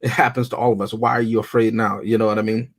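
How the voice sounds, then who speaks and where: A man's voice: fairly low pitch, level tone, fast. A man co-hosting a casual film review chat, talking in a reflective, rambling way. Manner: reflective, rambling, reads quotes aloud.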